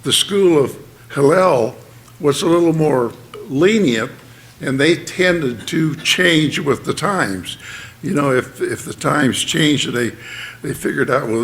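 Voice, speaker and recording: A man giving a sermon, explaining plainly in a halting way with many fillers and restarts. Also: on the high side, lively intonation, a bit bright. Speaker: church speaker.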